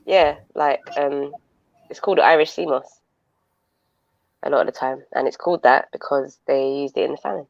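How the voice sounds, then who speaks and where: A woman's voice: rumbling low, steady tone, moderate pace, vocal fry, pauses often. A woman joining a livestream panel over a video call, teasing and swearing in casual chat. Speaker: panel guest. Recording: dull lo-fi call audio.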